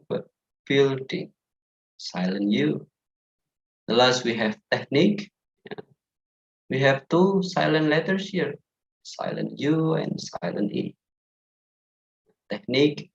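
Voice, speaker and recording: A man's voice: fairly high pitch, expressive, takes it slowly, long pauses, muffled recording. A young man with an Indonesian accent teaching English pronunciation in an online class, saying each word again and again to contrast the right and wrong ways.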